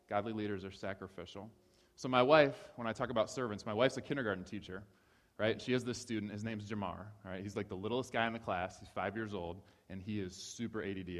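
A man from Ohio giving a sermon-style talk, telling stories with animation and repeating key phrases for emphasis. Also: on the low side. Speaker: speaker. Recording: reverberant hall.

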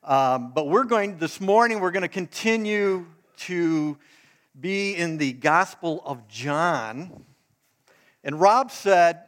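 A man's voice: fairly high pitch, slow, fairly bright tone. A man preaching a casual, joking sermon who talks straight to the congregation and gets them to take part. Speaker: pastor. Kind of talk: sermon with audience participation.

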